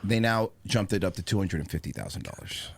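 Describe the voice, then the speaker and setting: A man co-hosting a casual podcast from home, talking loosely and profanely and jumping into high mocking voices when he quotes people. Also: expressive, fast, vocal fry. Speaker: podcast co-host. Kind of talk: casual chat.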